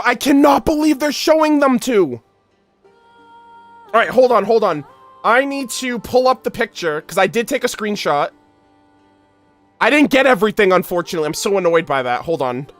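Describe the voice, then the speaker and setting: A streamer giving live game reaction commentary, excitable and exclamatory, talking straight to chat. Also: sits high.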